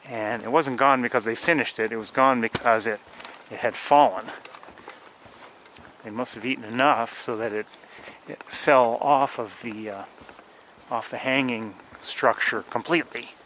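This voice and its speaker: A man's voice: mid-range voice, unhurried, pushed and bright, slight background noise, rough recording. A man narrating casually while walking wet outdoor trails in light rain, rambling with many fillers and restarts as he guides a birding tour.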